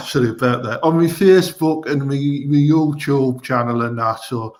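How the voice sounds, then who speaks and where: A man's voice: mid-range voice, normal speed. A man with a Teesside accent hosting a live online comedy show, rambling in crude, casual chat and leaning on "you know what I mean".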